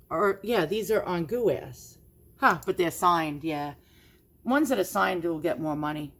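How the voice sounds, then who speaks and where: Woman with a New York accent, slightly low voice, loose rambling vlog commentary full of asides. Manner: chatty, rambling, many fillers and asides. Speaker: antiques vlogger. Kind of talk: casual screen-share commentary.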